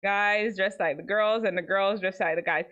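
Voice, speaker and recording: A woman's voice: medium pitch, normal speed, dull audio. A woman hosting a casual show, chatting to viewers about viral clips. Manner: chatty, animated, talks to viewers as y'all. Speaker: host of a reaction show.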